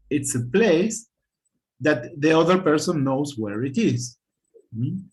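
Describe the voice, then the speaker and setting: A man teaching an online English class, who speaks patiently and checks in with his students with a questioning "hmm?". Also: medium pitch.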